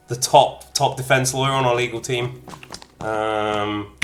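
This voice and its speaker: A man's voice: on the low side, normal speed, a bit bright, faint music behind. Chatty man streaming a game. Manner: chatty, reads out viewers' locations, jokey asides. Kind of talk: casual live-stream chat while gaming.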